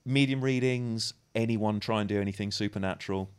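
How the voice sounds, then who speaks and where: Lowish-voiced guy reading news bits out loud, dry wry jokes, podcast chat. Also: a little fast, smooth. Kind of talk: casual podcast banter.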